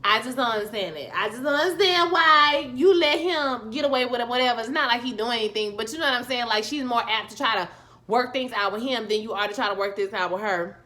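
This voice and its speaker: Animated sassy woman with a bright, high voice. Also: fast talker. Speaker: YouTube TV recap host. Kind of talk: casual spoken show review.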